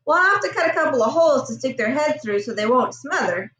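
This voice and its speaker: A woman's voice: sits high, lively intonation, a little fast, fairly bright tone, slight background noise. Lady reading a friendly small-town station master, folksy and kind, echoey room, mic kinda far. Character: friendly middle-aged male station master. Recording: roomy echo, distant mic.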